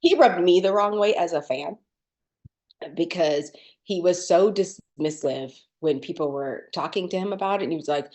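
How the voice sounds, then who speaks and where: A woman's voice: fairly low pitch, moderate pace, a little mellow. A woman co-hosting a podcast, chatting casually with many fillers and restarts. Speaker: podcast co-host. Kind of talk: casual chat.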